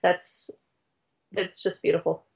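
Halting woman guest, full of ums. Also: fairly low pitch, level tone, gravelly. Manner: hesitant, halting, lots of fillers, warm enthusiasm. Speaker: race reporter guest. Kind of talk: casual interview chat.

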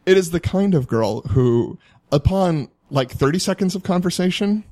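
Young guy telling a dorm story, lively and laughing, voice a bit high, dry close sound. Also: normal speed, no echo. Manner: animated, laughs often, acts out quotes. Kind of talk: casual chat, telling a college story.

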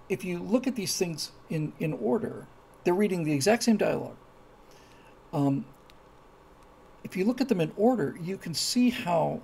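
Creaky, husky-voiced show host rambling. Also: mid-range voice. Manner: rambling, with many fillers and restarts; grows animated and emphatic. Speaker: host of an online video show. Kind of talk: casual spoken commentary.

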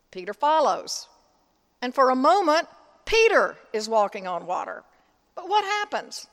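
Slow, high-voiced woman preaching in a church. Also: a bit bright, in a large hall. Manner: slow, deliberate preaching with dramatic pauses. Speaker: priest. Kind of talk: sermon.

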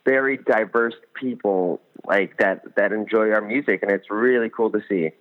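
Young man, lowish voice, tinny phone line, rambling enthusiastic guest. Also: a little fast. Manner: rambling, many fillers, enthusiastic. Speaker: band musician, guest. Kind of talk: casual interview over phone.

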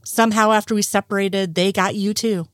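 A woman reading the lines of a nervous, innocent man, a little higher than her narration. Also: steady tone, brisk, dry recording, studio quality, natural voice. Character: nervous, well-meaning male conspiracy nerd.

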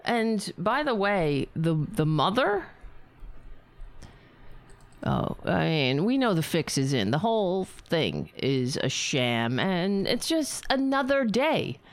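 Slow-talking, lively-voiced sarcastic woman host. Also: lowish voice. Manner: profane, sarcastic and indignant. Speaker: show host. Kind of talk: political commentary.

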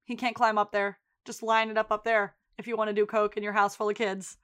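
A woman's voice: mid-range voice, brisk, clear, resonant tone. A woman co-hosting a podcast, chatting casually and retelling scenes with quoted lines. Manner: animated retelling with quoted voices. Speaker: podcast co-host. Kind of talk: casual chat recapping a TV episode.

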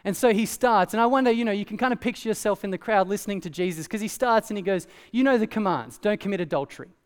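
A man preaching a sermon as pastor, in a conversational, animated way with asides. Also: high-pitched, fast, clear, resonant tone, big-room sound.

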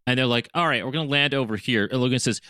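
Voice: medium pitch, very fast, heavy background noise. A podcast co-host giving a sarcastic, exaggerated casual recap of a cartoon.

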